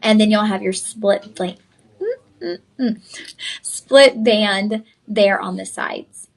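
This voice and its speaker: A woman's voice: mid-range voice, drawn-out words, gravelly, rough recording. A young woman with a twang presents a jewelry sale on a shopping channel. She talks straight to her viewers in a chatty, enthusiastic way, with a voice in the middle of the female range. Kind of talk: live sales presentation.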